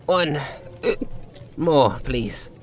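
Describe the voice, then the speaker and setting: A man's voice: mid-range voice, brisk, fairly bright tone, a little hiss or hum, lightly acted. A man voicing a bitter, down-on-his-luck drunk tailor who mumbles and slurs his pleas in a storybook reading. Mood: drunk pleading. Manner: slurred, mumbling, pleading.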